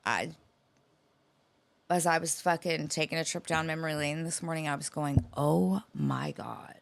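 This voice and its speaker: A woman's voice: deep voice, level tone, moderate pace. A woman co-hosting a podcast, telling a long story in a profane, rambling casual chat. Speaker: podcast co-host.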